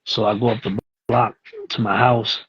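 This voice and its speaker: Husky New man telling stories. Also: fairly low pitch, normal speed, muffled recording. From East New York, Brooklyn. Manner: animated, acts out voices in his stories. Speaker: guest. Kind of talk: casual storytelling.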